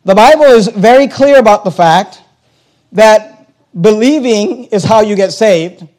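A man's voice: high-pitched, unhurried, a little mellow, low-quality recording. A man preaching a sermon as a pastor, hammering points home with emphatic repetition.

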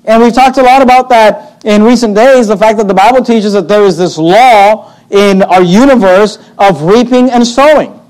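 Male preacher with a high voice, emphatic sermon delivery. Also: moderate pace, few pauses, a little mellow, rough recording. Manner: emphatic, repeats points, reads old scripture aloud.

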